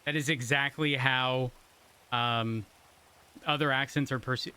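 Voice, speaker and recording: A man's voice: medium pitch, steady tone, measured pace, sharp tone, clean tone. A man playing a police officer in an online roleplay, talking hesitantly with many fillers and restarts. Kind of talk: in-character roleplay chat.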